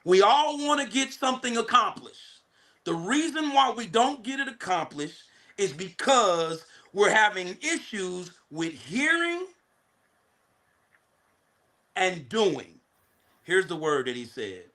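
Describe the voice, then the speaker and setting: A man preaches to a class in a high, bright voice. His pitch swings widely as he repeats words, restarts phrases and talks right at his listeners. At times he lifts into a near shout. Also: big pitch swings, slow. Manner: addresses listeners directly, rising to shouts. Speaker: guest speaker, licensed therapist. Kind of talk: energetic spiritual teaching to a class.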